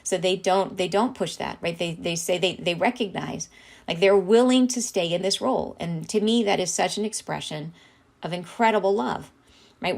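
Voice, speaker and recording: A middle-aged woman hosts a live stream, reading channeled messages aloud and discussing them in a heartfelt, casual way, often asking "right?". She is tearing up and laughing through tears. Her voice is fairly low and darkish, with vocal fry and a moderate pace.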